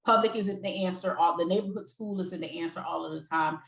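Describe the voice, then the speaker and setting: A woman's voice: on the low side, a little fast, vocal fry, reverberant, low-quality recording. A woman co-hosting an interview, speaking emphatically and repeating her points in casual conversation. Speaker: co-host.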